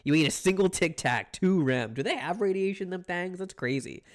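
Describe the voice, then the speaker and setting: A man's voice: high-pitched, lively intonation, normal speed. A man chatting casually on a live stream, playful and rambling, greeting his chat over and over.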